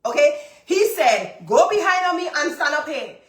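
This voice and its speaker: A woman hosting a live stream, telling a personal testimony in an animated way and repeating phrases for emphasis. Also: high-pitched, moderate pace. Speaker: business coach and livestream host. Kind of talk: casual testimony to a live audience. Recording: echoey room.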